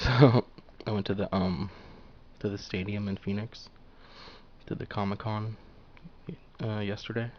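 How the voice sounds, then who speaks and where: A man's voice: fairly low pitch, creaky. A young man in a casual, profane monologue while drawing, laughing often and full of fillers. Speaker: vlogger drawing on camera. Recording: dull lo-fi home recording.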